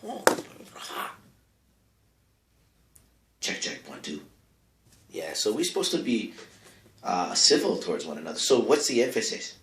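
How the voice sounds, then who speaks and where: Man with a lowish voice, rambling offhand comedic talk, close mic, echoey untreated room. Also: wildly swooping pitch, a little slow, long pauses. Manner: rambling and offhand, full of asides and mic checks. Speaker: comedic advice-column host. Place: small home studio with no insulation. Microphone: close microphone.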